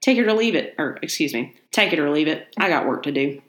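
A woman voicing a greedy old farmer with a put-on Southern drawl, low-pitched, in an echoey room. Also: animated, fast. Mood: gruff. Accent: American Southern.

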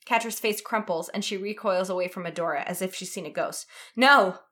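A woman reading fan fiction aloud in an expressive, dramatic way. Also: fairly low pitch, fast talker. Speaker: reader.

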